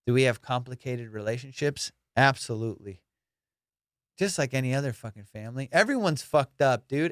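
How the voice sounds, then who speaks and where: Profane, animated man telling stories into a dry mic. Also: mid-range voice, normal speed, no echo. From immigrant, raised abroad. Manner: profane, animated, acts out both sides of dialogues. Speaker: podcast host. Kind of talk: casual comedic storytelling.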